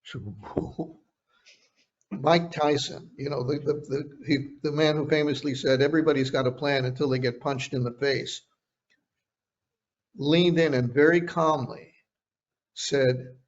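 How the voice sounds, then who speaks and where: An older man recounts past interviews in a conversational, storytelling way. He often stops and restarts his sentences. His voice sits a bit high, and the audio is dull and lo-fi. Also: fairly even intonation. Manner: halting, with frequent restarts. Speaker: journalist guest recounting interviews.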